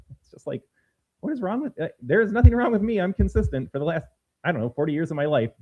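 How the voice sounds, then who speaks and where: A man co-hosting a political podcast, with a fairly high voice and a quick pace. He sounds heated and sarcastic. His audio comes through a slightly dull, lo-fi remote stream. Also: expressive, slightly rough. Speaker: podcast co-host. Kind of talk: political commentary chat.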